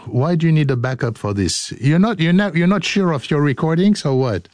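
A man's voice: fairly high pitch, lively intonation, fairly quick, darkish tone, no echo. A male radio host, older, joking and laughing his way through studio outtakes in a playful, sing-song manner.

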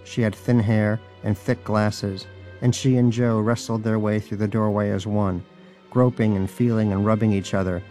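A man's voice: lowish voice, little pitch movement, normal speed, mellow, faint music behind. A man narrating a comic audiobook in a dry, wry storytelling manner.

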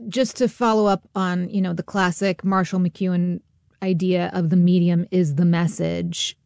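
Low-voiced woman radio interviewer. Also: little pitch movement, normal speed, creaky, a little mellow, dry recording, studio quality. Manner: curious, interjecting follow-up questions. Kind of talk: interview conversation.

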